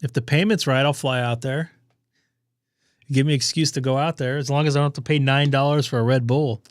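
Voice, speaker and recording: A man's voice: mid-range voice, fairly even intonation, brisk, no room sound, studio quality. A man losing his voice, chatting casually as he hosts a ham radio live stream and thinks aloud. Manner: rambling, thinking aloud with fillers.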